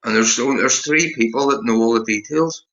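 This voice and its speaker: A man's voice: mid-range voice, moderate pace, a bit bright. A man calling into a livestream, agitated and rambling, stumbling over his words. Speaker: livestream panel guest. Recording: dull lo-fi stream mic.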